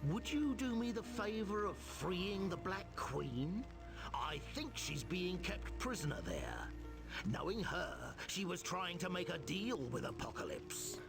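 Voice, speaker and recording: A suave, condescending crime lord in a video game, with a put-on British accent. He drawls slowly with a rasping edge and lets his pitch swoop about. His lines sit over loud game music. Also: sing-song, exaggerated voice. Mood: scheming.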